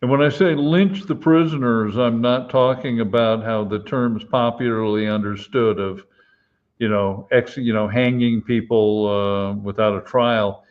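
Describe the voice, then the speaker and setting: A man, a retired police officer, telling a story slowly in casual live-stream chat, pausing often with fillers. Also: medium pitch, fairly even intonation, lo-fi sound. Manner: slow, halting anecdote with many fillers.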